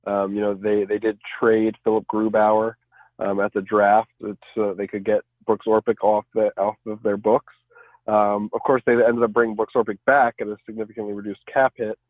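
Casting: male podcast guest, mid-pitched, measured, heard over a tinny dry phone line. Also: flat delivery, no echo. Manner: measured, many ums. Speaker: guest, team blogger. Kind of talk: casual interview.

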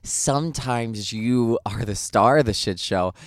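A man's voice: mid-range voice, a little slow, no room sound, studio quality. A man co-hosting a podcast in casual, earnest chat, reflective and sometimes playful. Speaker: podcast co-host.

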